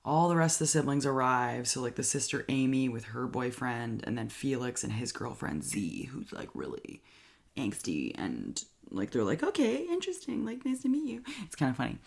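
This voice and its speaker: Gravelly-voiced chatty movie recapper. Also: mid-range voice, expressive. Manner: chatty, filler-heavy with frequent "like", enthusiastic; acts out characters' lines in quick voices. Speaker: movie reviewer. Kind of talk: casual movie plot recap.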